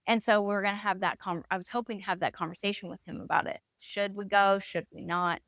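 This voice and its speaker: Woman, 30s, candid faith podcast host, animated storytelling, smooth and dry. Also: medium pitch, no room sound. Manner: animated storyteller acting out quoted voices.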